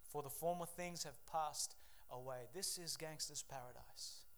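A man preaching a sermon in a fairly high voice. He builds to loud, ringing declarations, then drops almost to a hush when telling a personal story or praying. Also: a little slow. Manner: swings from loud preaching to hushed, quiet telling. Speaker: pastor.

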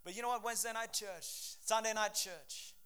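A middle-aged pastor preaching a sermon in a fervent, conversational way, with frequent restarts. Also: male voice, sits high, steady tone, quick pace, sharp tone, clear, resonant tone.

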